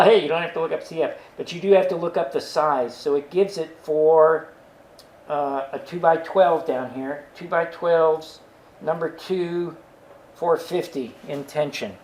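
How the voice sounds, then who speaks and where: A man's voice: fairly high pitch, measured pace. A man teaching a worked engineering example, thinking aloud with frequent fillers and asides. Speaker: engineering instructor.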